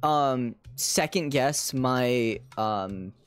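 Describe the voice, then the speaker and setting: A young American game streamer talking casually over their play, rambling and laughing often. The voice sits mid-pitch, relaxed and conversational. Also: extremely slow, clean tone, no room sound. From United States. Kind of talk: casual live-stream commentary.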